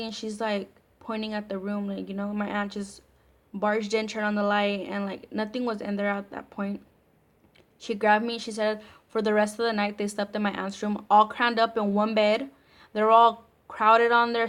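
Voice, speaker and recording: A woman's voice: medium pitch, level tone, moderate pace. A young woman vlogger telling a scary story in a chatty, casual way, full of fillers and the odd swear word.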